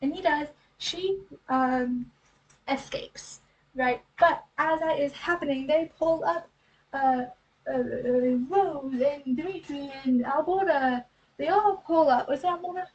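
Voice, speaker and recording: A woman giving a casual book recap, chatty, full of rhetorical questions and quick acted-out asides. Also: high-pitched, far from the mic, dull audio.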